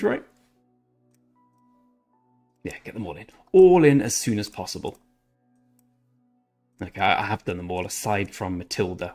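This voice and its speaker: A man with a medium-pitched, slightly mellow voice hosts a gaming channel. Over his strategy game he offers rambling, chatty commentary, often fixing his own sentences partway through.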